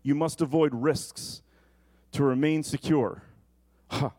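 A man preaching a sermon, animated and conversational, often asking the congregation questions. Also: a little high, slow, pauses often.

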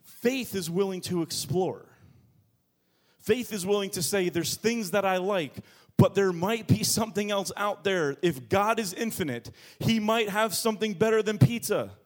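A man preaching a sermon as pastor, moving between quiet low asides and loud, high bursts of emphasis. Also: unhurried. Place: church.

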